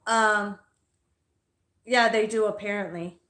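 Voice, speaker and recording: A woman's voice: a little high, steady tone, moderate pace, fairly bright tone. A woman hosting a live stream and telling an angry story in a heated, profane rant. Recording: echoey room.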